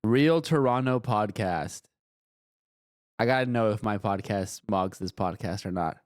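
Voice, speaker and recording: A man's voice: lowish voice, unhurried, dry recording, studio quality. A man streaming, reacting to videos with wry, profane asides while browsing. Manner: wry, swearing, talks to himself while browsing.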